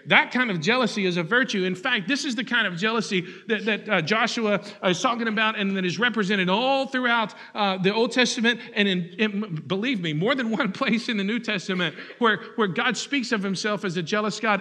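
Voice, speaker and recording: A man in his thirties, a pastor preaching an animated sermon that swings from loud to hushed. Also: high-pitched, a little fast, hardly any pauses, long reverb tail.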